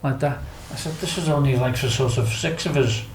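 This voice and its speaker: A man's voice: mid-range voice, a little fast, roomy sound, a little hiss or hum, poor audio. A Scouse man from Liverpool telling a wild story as a podcast guest, laughing often, swearing freely and acting out what people said. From Liverpool, England. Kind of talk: casual anecdote telling.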